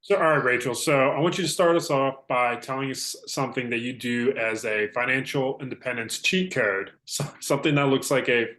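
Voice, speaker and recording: A man's voice: mid-range voice, a little fast, few pauses, pushed and bright. Upbeat man co-host in a roomy echo. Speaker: podcast co-host. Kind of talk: casual podcast chat.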